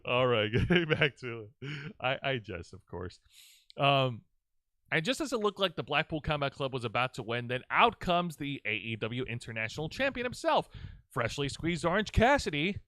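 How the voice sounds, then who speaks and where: Bright-voiced man recapping wrestling casually. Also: medium pitch, sing-song, moderate pace, dry recording, clean studio sound. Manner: rambling, playful, restarts sentences. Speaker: wrestling show co-host. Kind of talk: casual podcast chat.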